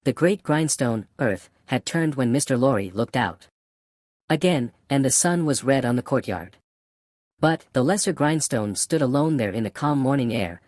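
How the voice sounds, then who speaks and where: A man reading a classic novel aloud as an audiobook narrator, in a steady, even manner. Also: mid-range voice, dry recording, clean studio sound. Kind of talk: scripted narration.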